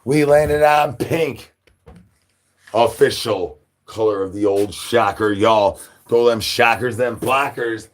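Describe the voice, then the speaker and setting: A man hosting a live stream, talking to chat in rapid rhyming nonsense banter. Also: fairly low pitch. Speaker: livestream host.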